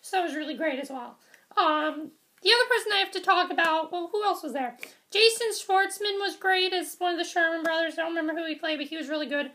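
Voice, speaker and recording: A woman with a very high voice talks through a movie review vlog. Her tone is bright and forceful, and she gushes with praise. She rambles and restarts often, filling gaps with ums. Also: quick pace, a little hiss or hum. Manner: rambling, with many fillers and restarts; enthusiastic, gushing praise.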